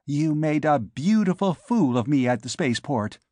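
A man voicing a proud, indignant young woman who speaks in clipped, sharp lines. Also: fairly high pitch, lively intonation, normal speed, no echo, voice pushed up.

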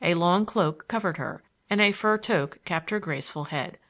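Fairly low in pitch, a woman works through a novel as an audiobook narrator, giving the scripted text a measured yet expressive reading.

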